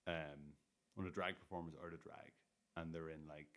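A man's voice: extremely low pitch, fairly even intonation, normal speed, a bit bright. A man co-hosting a podcast in casual, sweary, rambling chat, self-deprecating about his own wrestling.

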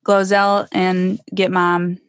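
A woman's voice: lowish voice, level tone, slow pace, smooth, no room sound, clean studio sound. A woman hosting an interview who encourages her guest and sums up what the guest has said. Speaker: interview host.

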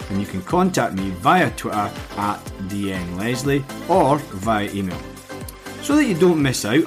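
A man hosting a podcast interview, politely thanking his guest and asking questions. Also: lowish voice. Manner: courteous, thanks guest often. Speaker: podcast host. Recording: music in background.

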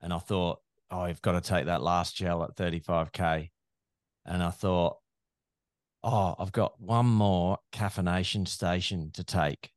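Aussie bloke with a low deep voice, dry close mic, reflective chat. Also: male voice, steady tone, measured pace, no echo. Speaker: podcast co-host, marathon runner. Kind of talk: casual chat.

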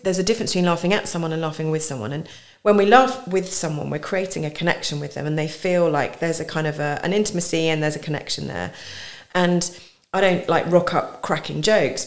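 Middle-aged woman, low pitch, executive coach being interviewed; chatty, explanatory, quick to laugh. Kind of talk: conversational podcast interview.

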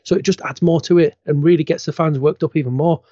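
A man's voice: on the high side, steady tone, quick pace, warm tone, no room sound. Chatty man, a bit muffled. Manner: chatty, stumbling restarts, laughs at his own jokes. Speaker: wrestling podcast co-host. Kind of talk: casual chat.

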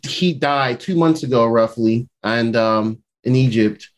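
A man's voice: medium pitch, a little slow. A man hosting a podcast, recapping an episode in a rambling, casual way and acting out the characters' lines. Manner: rambling, many fillers, acts out character quotes, laughs often.

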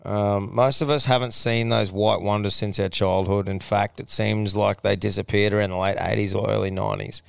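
A man's voice: lowish voice, fairly even intonation, normal speed, creaky, hardly any pauses, clean tone, dry recording, clean studio sound. A man co-hosting a podcast, chatting in a laid-back, sweary way. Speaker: podcast co-host. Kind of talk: casual chat.

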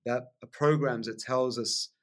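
Animated man telling a wild story. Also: medium pitch, measured pace. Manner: animated storyteller, frequent "like" and "right?" tags. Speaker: podcast guest. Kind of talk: storytelling in a casual interview.

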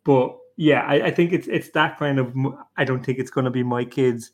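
A man's voice: mid-range voice, normal speed. A young man hosting a casual podcast panel chat, talking bluntly, swearing a lot and mocking other parents in put-on voices. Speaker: podcast host.

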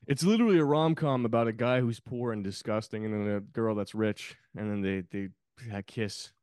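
A man's voice: on the low side, brisk, a little mellow, smooth, no room sound, studio quality. A man guesting on a podcast, chatting casually about films, rambling and laughing often. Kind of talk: casual film chat.

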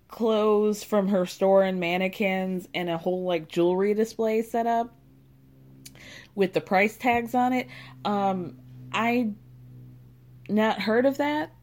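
A woman's voice: mid-range voice, a little mellow. A woman hosting a casual recap, talking in a sarcastic, gossipy way with frequent laughs and whoops. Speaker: podcast host recapping a reality show.

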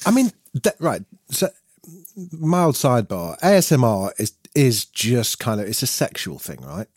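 A man's voice: mid-range voice, big pitch swings, unhurried, darkish tone, slightly rough, dry recording, clean studio sound. A man hosting a podcast in casual chat, rambling and joking with lots of fillers. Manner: rambling, jokey, many fillers. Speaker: podcast host.

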